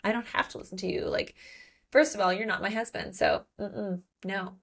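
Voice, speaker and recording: A woman's voice: mid-range voice, fairly even intonation, vocal fry. A woman playing a sassy defiant young princess. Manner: sassy, rapid retorts. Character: defiant young princess standing her ground.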